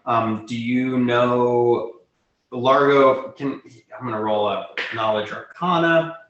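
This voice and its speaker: Man, tabletop player, relaxed, chatty, echoey room. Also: mid-range voice, takes it slowly, highs cut off, a little hiss or hum. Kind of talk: casual tabletop game play.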